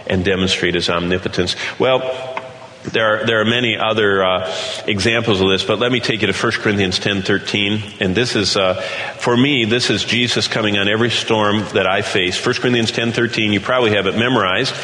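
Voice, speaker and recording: A middle-aged man preaching a Bible sermon, animated, asking questions and then answering them himself. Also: on the low side, fairly quick. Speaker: Bible teacher. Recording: echoey hall with long reverb.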